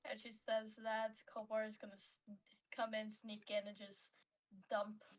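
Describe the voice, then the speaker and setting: A woman's voice: medium pitch, monotone, a little slow, rough recording. A woman playing in a tabletop game, describing her character's prank playfully. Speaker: player. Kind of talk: tabletop role-play.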